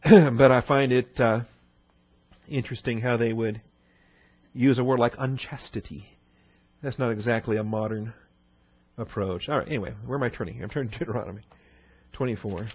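A man's voice: medium pitch, normal speed, long pauses, husky, no room sound, lo-fi sound. A man teaching a Bible lesson in a conversational sermon style, often asking the listeners "okay?". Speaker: pastor.

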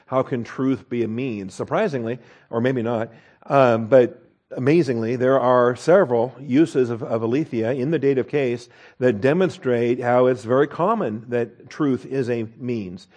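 A man leads a relaxed teaching sermon in church, moving between scripture reading and plain explanation. His delivery is folksy and unhurried. He often checks in with his listeners. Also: mid-range voice. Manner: folksy, chuckles at the text, frequent "okay?" checks with listeners. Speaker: pastor. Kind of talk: conversational Bible teaching sermon.

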